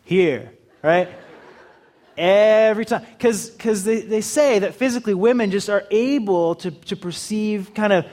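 A man's voice: high voice, unhurried, a little mellow. A man preaching a sermon in a humorous, conversational way, acting out little dialogues with the audience. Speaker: pastor.

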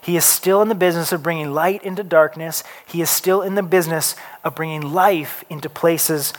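A man preaching a sermon, slow and deliberate, with casual asides, rising to loud urgent peaks and dropping to soft hushed lines. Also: on the high side, steady tone. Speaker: pastor.

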